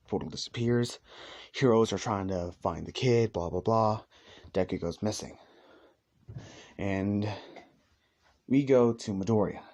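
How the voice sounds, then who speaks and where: A man's voice: lowish voice, a little mellow. A man improvising a fan story, rambling casually and correcting himself as he goes.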